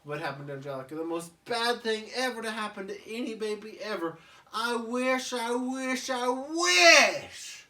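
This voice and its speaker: Man doing exasperated baby boy, pitched up, whiny. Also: expressive, normal speed, sharp tone, recorded from a distance. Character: grumpy baby boy leader, Tommy.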